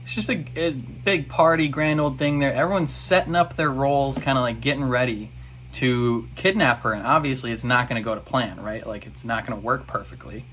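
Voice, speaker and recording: A man's voice: medium pitch, a little fast, a bit bright, slight background noise. A man in a casual reaction video, recapping an episode in a rambling, exasperated way.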